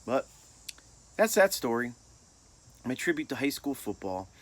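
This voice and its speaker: A man's voice: mid-range voice, very animated, unhurried. A middle-aged man from Michigan telling a personal story in a laid-back, self-deprecating way. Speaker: storyteller vlogger. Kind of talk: casual storytelling.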